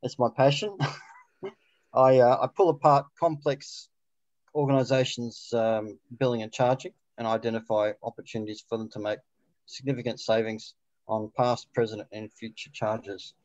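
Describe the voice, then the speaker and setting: A man's voice: medium pitch, steady tone, moderate pace, darkish tone, no echo, highs cut off. A man introducing his work on a video call, hesitant and full of ums. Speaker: meetup attendee introducing his business. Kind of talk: casual self-introduction.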